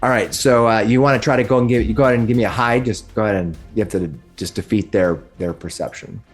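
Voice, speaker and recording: A man's voice: on the low side, fairly even intonation, quick pace, faint music behind. Rambling male game master. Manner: rambling, self-correcting narration. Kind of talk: running a tabletop game.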